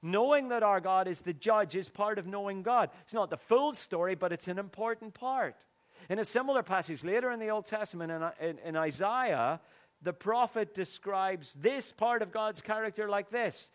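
A man's voice: sits high, normal speed. A middle-aged man preaching a sermon in an earnest, conversational way, with sudden emphatic bursts.

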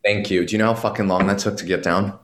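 A man, a guest from New York, telling animated stories in casual chat and swearing freely. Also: fairly low pitch. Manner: animated storytelling, heavy swearing, quick asides.

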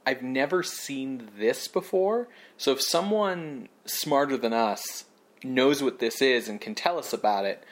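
A man's voice: mid-range voice, measured pace. A man co-hosting a podcast, musing about a film in a chatty way with lots of "like" fillers and wry asides. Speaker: podcast co-host. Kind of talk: casual chat about a film.

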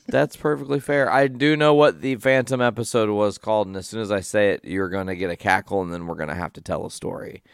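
Gravelly-voiced man, dry close sound. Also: on the low side, brisk, no room sound. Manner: laid-back, swears freely. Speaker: podcast co-host. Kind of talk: casual chat.

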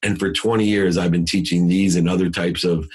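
A man's voice: low voice, fairly even intonation, a little fast, darkish tone, husky. A middle-aged man, a guest speaker, telling a motivational story in an emphatic, preachy way that repeats key words.

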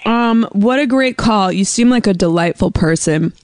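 A woman hosts a comedy call-in podcast with a dry, deadpan delivery and frequent swearing. Her voice sits at an ordinary middle pitch. The sound is close and dry, with no room echo. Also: moderate pace. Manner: deadpan, sardonic, swears freely. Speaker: podcast host taking calls. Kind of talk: casual comedic call-in chat.

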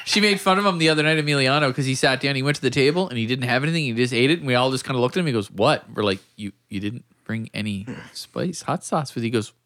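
A man's voice: medium pitch, very fast, hardly any pauses, fairly bright tone. A man co-hosting a podcast, playfully telling anecdotes among friends. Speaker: podcast co-host. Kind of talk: casual storytelling.

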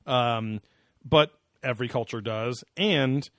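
A man's voice: mid-range voice, slow pace, fairly bright tone, no room sound, clean studio sound. A young man co-hosting a podcast in casual chat, sarcastic and rambling with lots of fillers and swearing. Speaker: podcast co-host.

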